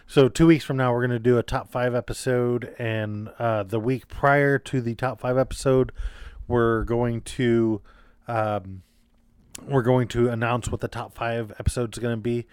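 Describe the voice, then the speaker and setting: A man co-hosting a casual podcast, teasing his partner and rambling through plans with plenty of "uh" and "um". His voice is smooth and clear, and it sounds close and dry with no room around it. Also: mid-range voice, steady tone, normal speed, darkish tone, no echo. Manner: joking, rambling with fillers and restarts. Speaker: podcast co-host.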